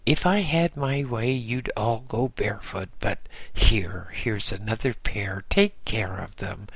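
A man's voice: fairly low pitch, slow, vocal fry, slight background noise. A man voicing an irritable older male monk in charge of the young acolytes, bawling and scolding one moment and falsely kind the next. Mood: gruff.

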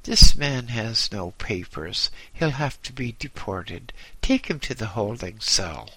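A man's voice: medium pitch, sing-song, measured pace, husky, no echo, exaggerated voice, low-quality recording. A man voicing an irate, pompous senior customs official in a storybook reading. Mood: angry. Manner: blustering and loud.

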